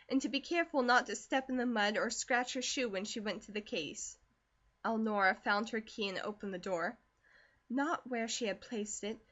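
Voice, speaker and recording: A woman narrating a classic novel audiobook in a measured storytelling manner. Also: on the high side, a bit bright, lo-fi sound. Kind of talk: scripted narration.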